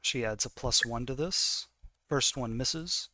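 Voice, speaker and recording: A man's voice: medium pitch, measured pace, bright, forceful tone, no echo. A man narrating a tabletop game as game master, casual and full of fillers. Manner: casual, many fillers while reading rules.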